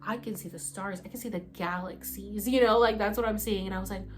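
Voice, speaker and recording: A young woman vlogger telling a personal story casually, acting out what people said, dropping to soft whispers and rising to loud gasps. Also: mid-range voice, fairly even intonation, a little fast, slight background noise.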